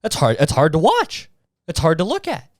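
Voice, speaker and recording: A man's voice: fairly high pitch, wildly swooping pitch, normal speed, no room sound, clean studio sound. A young man hosting a solo podcast, ranting in an exasperated, profane way about other people's habits. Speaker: podcast host.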